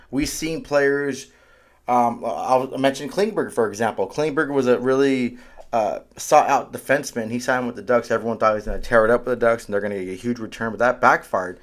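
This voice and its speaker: A man co-hosting a sports podcast, enthusing about stats and repeating himself in casual talk. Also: mid-range voice. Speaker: podcast co-host.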